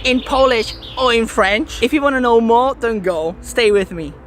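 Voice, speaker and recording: A woman's voice: on the high side, expressive, moderate pace, soft background music. A woman in a casual vlog, chatting outdoors in a forest and explaining songwriting. She talks in a chatty way, thinking aloud and asking herself questions.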